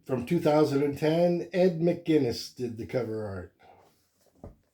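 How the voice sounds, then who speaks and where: A man hosting a comic book show, chatting casually in a relaxed, rambling way with many fillers. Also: on the high side, slow. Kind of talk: casual show-and-tell chat.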